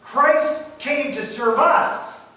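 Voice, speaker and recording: A man preaching a sermon as pastor, emphatic, rising to loud points and dropping quiet again. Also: extremely high pitch, drawn-out words. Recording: echoey hall from far off.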